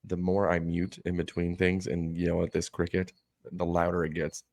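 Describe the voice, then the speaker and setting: A man co-hosting a podcast, casually telling animated, profane stories and laughing often. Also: low-pitched, normal speed, dry recording, clean studio sound. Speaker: podcast co-host. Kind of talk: casual chat.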